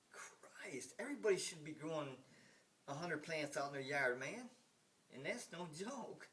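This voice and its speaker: A man's voice: a little high, fairly bright tone. A man in his sixties from the United States, rambling in a casual monologue with emphatic repetition, frequent restarts and the odd swear word. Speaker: vlogger. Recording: hissy, from some distance off the mic.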